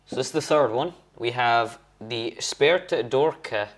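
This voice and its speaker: In a casual beer-tasting vlog shot at home, the young host rates beers as he tastes them, rambling and correcting himself. His voice is mid-range and his pace measured.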